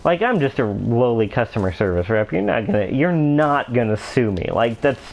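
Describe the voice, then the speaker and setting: A man's voice: mid-range voice, very animated, moderate pace, gravelly, rough recording. A young man casually commenting on his gameplay while telling a rambling story, talking like a customer support rep. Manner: rambling, chatty storytelling with many fillers. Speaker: let's player.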